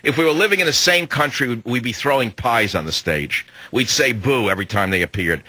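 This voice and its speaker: A man's voice: on the low side, fairly quick, few pauses, pushed and bright, slightly rough, low-quality recording. A combative talk radio host, a man in his sixties, delivering an emphatic, hectoring monologue on a studio microphone.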